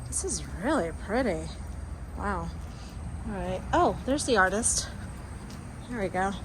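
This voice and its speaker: A woman chats her way through a casual walking-tour vlog, exclamatory and thinking aloud. Her voice sits at an ordinary middle pitch. She records outdoors on a handheld camera, with a faint hum of the town behind her. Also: expressive, unhurried. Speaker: travel vlogger visiting film locations.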